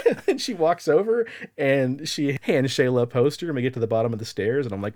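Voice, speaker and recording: Man, podcast co-host; animated raconteur with a lively, swinging pitch. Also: moderate pace. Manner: animated, acts out quotes in raised voices, swears, laughs. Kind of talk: casual storytelling chat.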